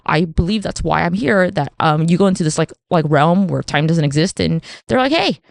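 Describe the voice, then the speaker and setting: A woman hosting a solo podcast, talking in a rambling, profane, animated way and acting out the voices she quotes. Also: sits low, brisk, vocal fry, dry recording, clean studio sound. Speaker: podcast host. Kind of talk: casual solo podcast monologue.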